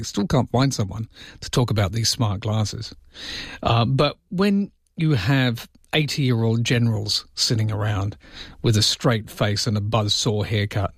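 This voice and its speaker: A man's voice: medium pitch, breathy edge, no room sound, clean studio sound. An Australian man hosting late-night talkback radio, chatty and rambling, with mock-indignant outbursts. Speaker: overnight radio host. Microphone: studio microphone.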